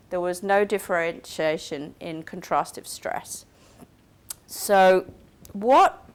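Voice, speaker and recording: A woman giving a recorded university lecture, explaining step by step and checking in with her listeners. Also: mid-range voice. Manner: explains carefully, checks in with "okay?" and "right?".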